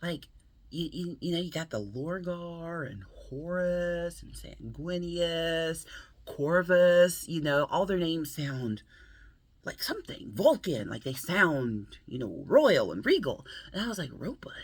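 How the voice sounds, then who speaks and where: A woman's voice: sits low, animated, slow, husky, no echo. An American woman hosting her book channel, chatting playfully and laughing often. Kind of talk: casual vlog chat.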